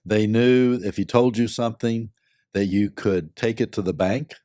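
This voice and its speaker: An older man, a company board member and lawyer, giving measured, thoughtful answers with many pauses and fillers. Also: fairly low pitch, mellow, no room sound. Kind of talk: reflective interview answers.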